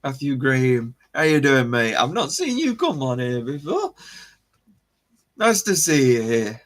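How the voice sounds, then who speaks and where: A man's voice: medium pitch, very animated, measured pace, a bit bright. A man hosting a casual live stream, rambling about history, correcting himself and chuckling as he greets viewers.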